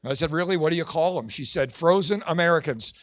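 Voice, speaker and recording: An older man with grandchildren doing a stand-up comedy set at a church fundraising gala, joking with quick asides and putting on high voices for his characters. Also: fairly bright tone, slight background noise.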